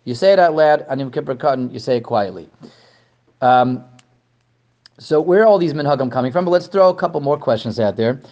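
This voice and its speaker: A man giving a Torah lesson to a class, animated, asking questions and often repeating words. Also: mid-range voice, brisk, muffled recording. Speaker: Torah teacher. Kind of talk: lecture to a class.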